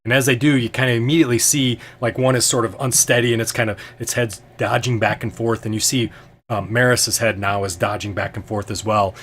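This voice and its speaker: A man's voice: mid-range voice, fairly even intonation, brisk, a bit bright, a little hiss or hum. A man narrating as game master of a tabletop game, hesitant and full of ums and restarts.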